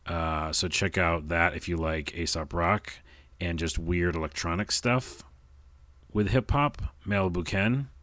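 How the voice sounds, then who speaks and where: A man's voice: low voice, a little slow, fairly bright tone, dry recording. A man hosting his own podcast alone, chatting casually in a rambling, self-mocking way and stumbling over his words. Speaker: podcast host. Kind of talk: casual solo podcast chat.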